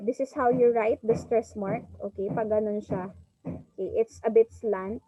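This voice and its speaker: A woman's voice: medium pitch, dark tone, no room sound. Filipino woman teaching an online class. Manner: drills pronunciation, repeats "okay" often. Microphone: video call. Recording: dull lo-fi online call audio.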